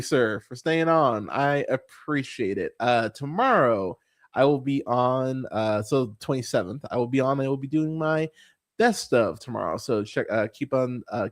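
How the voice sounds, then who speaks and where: A man hosting a movie podcast, ranting about a film in a casual, profane, exasperated way, often stumbling and repeating words. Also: medium pitch. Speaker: podcast host. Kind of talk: casual movie review rant.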